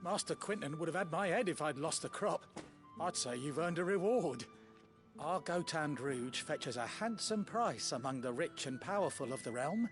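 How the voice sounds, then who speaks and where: A man plays an earnest male vineyard keeper in a fantasy game, thanking a hero for his help. His voice sits somewhat high, and soft music plays beneath it. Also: lively intonation, normal speed, natural voice. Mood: grateful. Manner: earnest, courteous.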